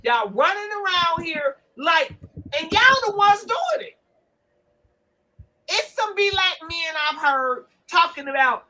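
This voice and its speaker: A woman's voice: very high-pitched, sing-song, slow, pushed and bright. A woman ranting in a blunt, profane commentary, scolding her listeners and mocking the people she talks about. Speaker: commentary vlogger.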